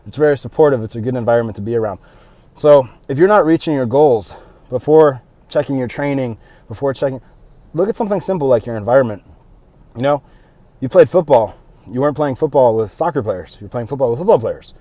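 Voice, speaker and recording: A man's voice: mid-range voice, lively intonation, a little fast, warm tone, no room sound. Out-of-breath man vlogging casually. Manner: loose, rambling, with fillers and self-mocking asides. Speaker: powerlifting vlogger. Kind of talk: casual vlog monologue. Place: outdoors while doing cardio. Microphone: phone held in hand.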